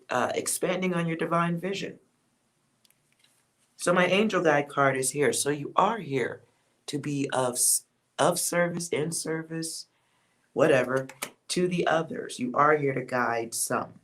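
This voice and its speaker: A man's voice: on the high side, a bit bright. Blunt, profane man reading tarot. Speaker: tarot reader. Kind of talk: casual spoken tarot reading.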